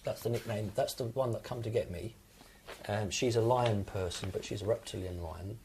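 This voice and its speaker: A man from the United Kingdom, calmly recounting his experiences as an interview guest in a matter-of-fact, explanatory way. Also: fairly low pitch, normal speed, slight background noise.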